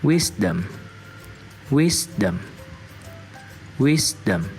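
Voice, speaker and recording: Guy teaching english vocab, super slow, repeats each word, faint music behind. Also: lowish voice, sing-song, vocal fry. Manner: slow, deliberate repetition of words. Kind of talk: vocabulary drill lesson.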